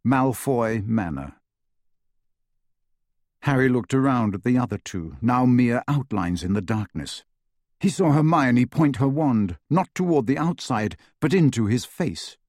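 A man reading a novel aloud as narrator, in a lively, expressive way that acts out the action. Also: medium pitch, a little slow, no room sound, studio quality. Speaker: audiobook narrator. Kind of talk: scripted story narration.

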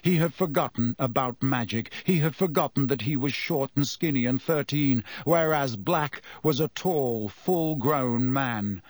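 A man reading a story aloud in measured scripted narration. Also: medium pitch, no room sound. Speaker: audiobook narrator.

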